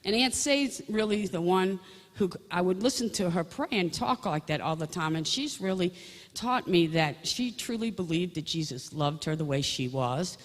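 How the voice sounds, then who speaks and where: A woman's voice: on the low side, animated, normal speed. A woman sharing a personal faith story in a conversational storytelling way, often restarting her sentences. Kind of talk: personal testimony talk. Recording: long reverb of a large hall.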